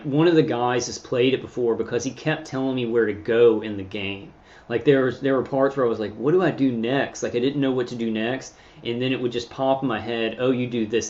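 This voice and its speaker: A man hosting his own channel, talking in a meandering, halting way with many fillers and restarts while answering live chat. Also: medium pitch, a little mellow, lo-fi sound. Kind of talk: rambling casual livestream talk.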